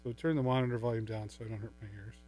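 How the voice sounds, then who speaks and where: Talking very fast with a fairly even intonation, this middle-aged man has a lowish, slightly mellow voice. He's hosting a live shopping stream, showing off a microphone and mixer with playful, upbeat chatter, captured on a studio mic fed through a mixer.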